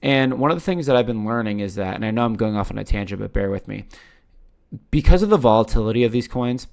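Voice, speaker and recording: A man's voice: lowish voice, expressive, fast talker, a little mellow. A man with a Canadian accent hosting a crypto channel, talking casually over his screen and tagging "right?" onto nearly every point. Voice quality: gravelly. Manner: chatty, says "right?" constantly, swears casually. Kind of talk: casual screen-share commentary.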